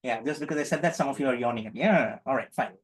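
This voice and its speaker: A man's voice: medium pitch, fast talker. A man leading an online group healing session on a video call, playful and teacherly, repeating his questions to the group. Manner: playful, repetitive teacherly prompting.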